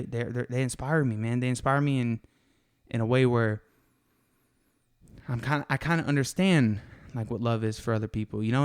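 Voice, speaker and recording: A man's voice: medium pitch, clear, resonant tone. A man hosting a casual faith podcast, talking in an earnest, confessional way, full of slang and emphatic asides. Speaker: podcast host.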